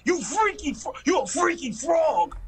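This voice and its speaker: A man's voice: extremely high pitch, sing-song, unhurried, pitched above the performer's own voice, full character voice. A man voicing a rowdy young man who hurls taunting insults. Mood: jeering. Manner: taunting, jeering.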